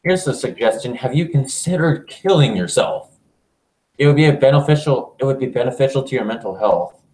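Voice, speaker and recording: A man reading aloud the lines of an obsessive, unhinged young woman from a game, in a soft, intense voice. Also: medium pitch, lively intonation, brisk, close to an everyday voice. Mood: cutting. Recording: echoey room.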